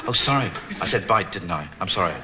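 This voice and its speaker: Friendly dad, lively pitch, noisy studio. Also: male voice, fast talker. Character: cheerful middle-aged father. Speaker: father. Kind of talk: sitcom acting.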